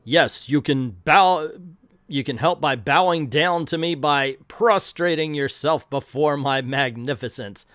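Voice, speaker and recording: A man's voice: fairly high pitch, a little slow, a bit bright, dry recording, clean studio sound. A man voicing an arrogant male supervillain with a pompous, gloating manner, in a comic read-aloud.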